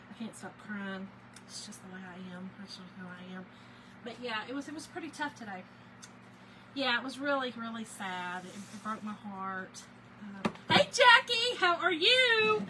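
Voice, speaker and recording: A woman's voice: mid-range voice, noisy background. A woman with a Southern US accent, chatting casually on a live stream as she crafts and greets viewers by name. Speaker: livestream crafter.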